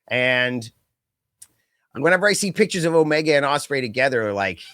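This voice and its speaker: A young adult man co-hosting a casual podcast chat, rambling and animated, with lots of fillers and quick mock impressions. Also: medium pitch, dry recording, clean studio sound. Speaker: podcast co-host.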